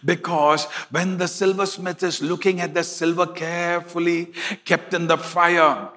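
A middle-aged pastor delivers an emphatic sermon in a bright, forceful voice. His pitch sits a little high for a man, and he slows and lifts his voice to drive scripture home. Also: flat delivery, big-room sound.

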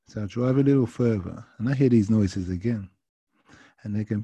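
A man tells a casual anecdote from his taxi driving, chatty and quoting his passengers. His voice is very dark and a bit husky, recorded dry and close. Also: fairly low pitch, moderate pace, dry recording, highs cut off. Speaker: taxi driver telling a story. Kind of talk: casual storytelling.

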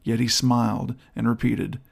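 Gravelly guy reading a story aloud, steady and even. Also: mid-range voice, normal speed. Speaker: audiobook narrator. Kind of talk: scripted narration.

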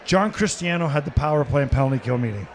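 A middle-aged man from Canada, a podcast guest telling stories and acting out quotes, laughing and shouting at the punchlines. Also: fairly high pitch, animated, fast. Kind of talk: animated storytelling. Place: sports bar, live taping.

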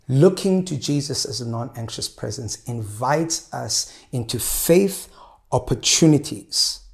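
A man in his thirties, a pastor preaching a sermon in a measured way, slowing down to stress key points. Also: mid-range voice, vocal fry, darkish tone. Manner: measured preaching, slows for emphasis.

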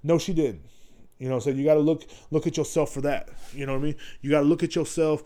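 A man's voice: a little high, fairly even intonation, fast talker, dark tone. A young man hosting a podcast, giving a profane, rambling motivational monologue, full of swearing and constant "you know what I'm saying". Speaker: podcast host.

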